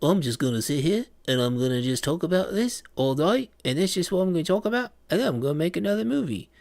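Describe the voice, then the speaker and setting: A man putting on a boastful, chatty male movie star with a New Zealand accent, talking loud and fast. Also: expressive, vocal fry, dry recording. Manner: loud, rapid, high-pitched rambling.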